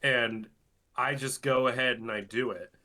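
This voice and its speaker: A man with a bright, sharp-edged voice jokes as a podcast guest. He builds silly hypotheticals step by step in a loose, drawn-out way. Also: medium pitch, steady tone. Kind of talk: casual chat.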